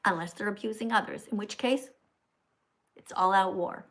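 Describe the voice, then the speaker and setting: A woman hosting a live stream in a blunt, bossy, confrontational way, with quick asides to her viewers. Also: mid-range voice, slight background noise. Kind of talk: casual live-stream chat.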